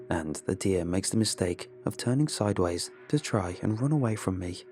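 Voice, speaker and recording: A man narrating a first-person horror story in a measured, grim manner. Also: low voice, darkish tone, a little hiss or hum. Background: background music.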